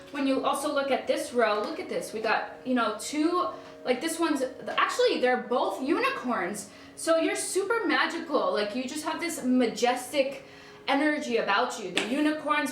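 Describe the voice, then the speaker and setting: A woman's voice: high-pitched, fairly bright tone. A woman giving a casual spiritual card reading to viewers, effusive and gushing, often repeating herself. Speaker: tarot card reader. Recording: echoey room with faint background noise.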